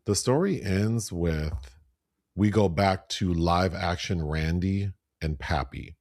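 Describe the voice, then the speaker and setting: Deep-voiced man retelling a film. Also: slow, dry recording, clean studio sound. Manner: animated, breaks into high voices when quoting. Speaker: podcast co-host. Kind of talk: casual film review chat.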